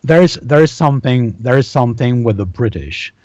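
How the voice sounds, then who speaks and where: A man's voice: medium pitch, lively intonation, dark tone, dry recording. A man chats casually as a guest, his speech full of false starts and repeated words. His voice sits mid-range and sounds dry and a little dull, like a lo-fi stream mic. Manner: halting, many restarts and repeated words. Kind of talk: casual conversation.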